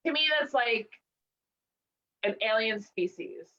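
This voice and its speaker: A woman's voice: fairly high pitch, animated, takes it slowly, pushed and bright. Playful woman host on dull lo-fi audio. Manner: rambling, filler-heavy, playful exaggeration. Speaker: talk show host. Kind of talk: casual comedy interview chat.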